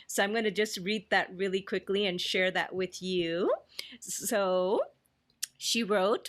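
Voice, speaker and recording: A woman's voice: medium pitch, slow pace. A woman hosting a podcast, speaking in an effusive, grateful way to her guests. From family in India. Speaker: podcast host. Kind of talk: heartfelt podcast talk.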